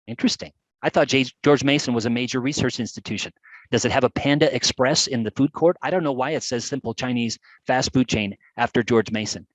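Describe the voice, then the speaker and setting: A man presenting a live webcast, talking through examples with chatty enthusiasm and lively emphasis. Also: mid-range voice, no room sound, rough recording.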